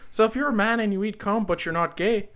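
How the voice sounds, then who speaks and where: A man puts on a preachy male professor who lectures and rants crudely. The voice sits high for a man, hectoring the listener in a comedy podcast impression. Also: fast, fairly bright tone. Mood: lecturing rant.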